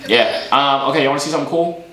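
A young vlog host talks with strangers on a video call, joking and teasing them in easy, casual banter. His voice sits at a middling pitch. The sound is roomy and echoey, like a webcam in an open room. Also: fast talker, background noise. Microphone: webcam or phone on a video call. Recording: roomy echo.

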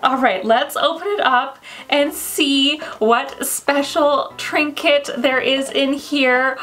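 A woman chatting to viewers while unboxing, gushing and excitable and squealing with delight. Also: sits high, takes it slowly, faint music behind. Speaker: unboxing vlogger. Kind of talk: casual unboxing chat to viewers.

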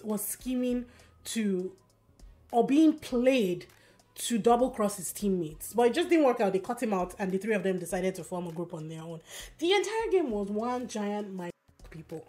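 A woman giving a casual, animated recap of a competition show, telling the story quickly with fillers and quick asides. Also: mid-range voice. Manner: animated, fast storytelling with fillers and acted quotes. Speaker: recap vlogger.

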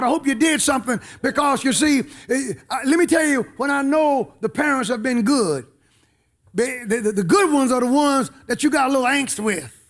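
A man preaching a sermon. He is emphatic, calls out to the congregation, and swings between shouted lines and quiet asides. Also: extremely high pitch.

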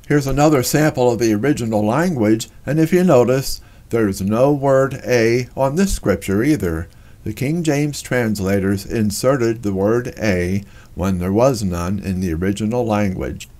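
Guy, kinda low voice, slow careful bible lesson narration, leans on key words. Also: lively intonation, a little mellow. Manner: slow, deliberate, stresses single words. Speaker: religious history presenter. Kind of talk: scripted teaching narration.

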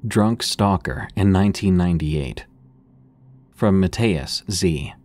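A man narrating horror stories in a calm, measured, scripted reading. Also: low-pitched.

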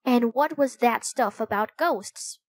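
A woman's voice: fairly high pitch, takes it slowly, dry recording. A woman voicing a plain, casual young boy who speaks matter-of-factly in a storybook reading.

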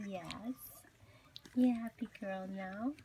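A woman's voice: high-pitched, expressive, slow, a bit bright, slight background noise. A woman talking baby talk to her puppies, cooing and sing-song, laughing often between lines. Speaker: dog breeder talking to puppies. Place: indoors with puppies.

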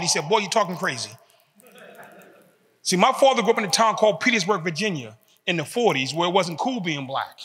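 A man in his fifties speaks in a high, bright voice. He tells his story with emphasis and leans on short, repeated phrases. His voice rings out with a long echo in a large hall. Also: expressive, fairly quick. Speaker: speaker giving a talk to prisoners. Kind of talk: motivational talk.

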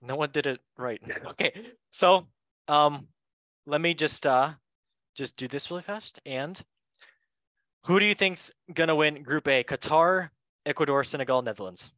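A man hosting a casual chat, playful and joking with quick asides. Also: on the high side, a bit bright, dry recording. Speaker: host.

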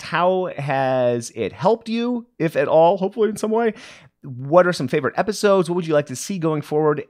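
A man hosting a music podcast, giving a chatty, upbeat news rundown with offhand asides. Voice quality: animated, swinging pitch. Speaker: podcast host.

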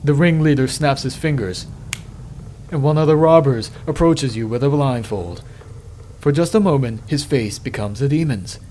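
Man reading game text, slow and dramatic. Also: mellow, a little hiss or hum. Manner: measured dramatic reading, dropping low and slow on ominous lines. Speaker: let's play host.

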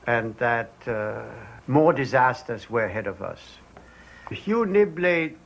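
An older man recalling his wartime training in a thoughtful, deliberate way, pausing to choose his words. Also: medium pitch, fairly bright tone, low-quality recording. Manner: deliberate, thoughtful, pauses with fillers. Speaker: interviewee. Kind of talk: measured recollection.

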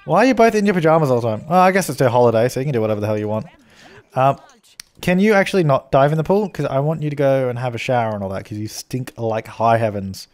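A man's voice: mid-range voice, lively intonation, fast talker, a little mellow. A man giving casual, chatty commentary over a life-simulation game, laughing often and telling his characters what to do. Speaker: let's play host.

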